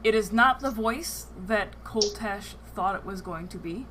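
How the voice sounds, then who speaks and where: A woman's voice: mid-range voice, noisy background. Woman narrating as game master. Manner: descriptive, with filler pauses.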